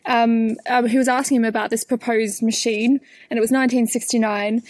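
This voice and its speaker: A woman with an Australian accent, a particle physicist and author answering interview questions in a lively, story-telling way. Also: a little high, no room sound. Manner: animated storyteller, fillers and quick restarts.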